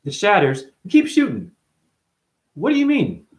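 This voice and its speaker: A spiritual talker living with chronic pain rambles through a free-associating monologue at an unhurried pace with huge pitch swings. He swears often, lurching from loud outbursts to low mutters.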